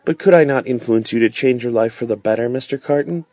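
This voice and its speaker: A man reading a storybook aloud, voicing a kind and earnest young woman in a soft, pleading tone. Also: medium pitch, fast talker, no echo, natural voice.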